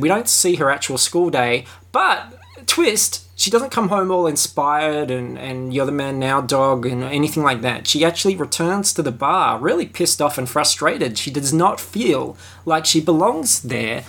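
A man giving a casual, sarcastic and jokey film review, animated and chatty. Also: on the high side.

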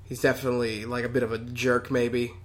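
A man's voice: medium pitch, level tone, brisk. A man co-hosting a casual chat, hesitant, with many fillers and restarts. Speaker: podcast co-host.

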